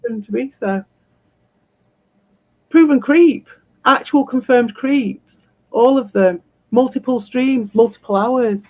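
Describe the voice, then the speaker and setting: A woman's voice: fairly high pitch, slow pace, lo-fi sound. A woman streaming live, ranting bluntly and combatively and swearing freely. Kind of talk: livestream rant.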